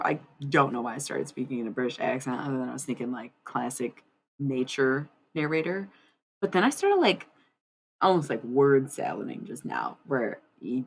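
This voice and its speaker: A young woman streams a tarot reading, laying out a spread while chatting casually with her viewers. She rambles, laughs often and swears freely, her voice rumbling low over slight background noise.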